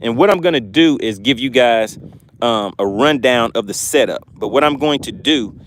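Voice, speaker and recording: A man's voice: medium pitch, animated, moderate pace, slight background noise. A man on a lake boat hosting a casual fishing livestream, chatting and reading viewer comments aloud. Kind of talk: casual live-stream commentary.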